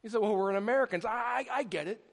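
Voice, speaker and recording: Middle-aged man, pastor giving a sermon; animated, stumbling restarts, fairly high voice, reverberant church. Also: rapid-fire. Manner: animated storytelling with repeated restarts. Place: church sanctuary. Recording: long hall reverb.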